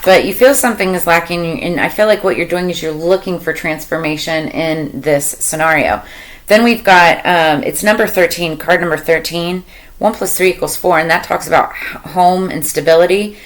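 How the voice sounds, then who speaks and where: A woman with a low voice talks through a tarot reading. She meanders and thinks out loud, filling her pauses with ums and you-knows, in an easy, casual way. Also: low-quality recording. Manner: meandering, thinks aloud with many fillers. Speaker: tarot reader.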